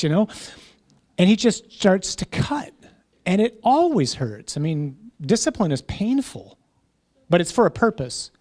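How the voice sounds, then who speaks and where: Parish priest, a man, leads a class casually, slightly higher voice, tags his points with "right?". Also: big pitch swings, moderate pace, darkish tone. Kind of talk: conversational teaching talk.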